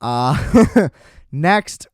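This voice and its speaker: Animated young man reviewing a movie. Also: a little high, extremely slow, dry recording, clean studio sound. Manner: animated, loose, swears casually. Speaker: podcast host. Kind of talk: casual movie review monologue.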